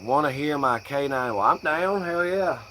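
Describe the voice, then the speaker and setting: A young man riffs on a casual live stream, loose and profane. His voice is bright and forward, and crickets chirp faintly in the dark outside. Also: on the high side, lively intonation, moderate pace, a little hiss or hum, low-quality recording. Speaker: livestream host.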